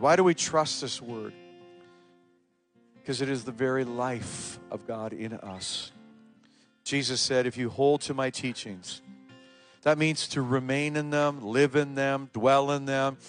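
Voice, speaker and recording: A pastor preaching a sermon to his church, pressing hard on key words and then dropping to quiet, low asides. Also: unhurried, faint music behind. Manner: emphatic, swings from loud stresses to quiet low asides. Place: church service.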